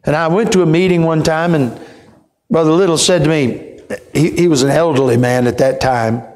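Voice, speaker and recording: Folksy evangelist man, fairly high voice. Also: moderate pace. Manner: folksy storytelling that swells into shouted praise. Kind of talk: Baptist church sermon.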